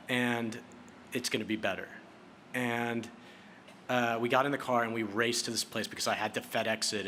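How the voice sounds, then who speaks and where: A bright-voiced man in his late thirties speaks at a podium on an awards stage. He tells a heartfelt story, stumbling over fillers and restarting his sentences. A faint hiss of room noise sits behind him. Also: mid-range voice. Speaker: award recipient giving a speech. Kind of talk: acceptance speech.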